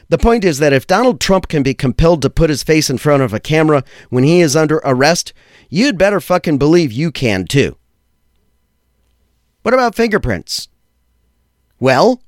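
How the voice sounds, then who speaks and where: A fairly high-voiced man hosts a podcast, delivering blunt commentary with a sardonic bite and the odd swear. He slows down to stress the phrases that matter. The recording is close and dry, with no room sound. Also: no echo. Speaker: podcast host. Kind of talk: opinionated tech and law commentary.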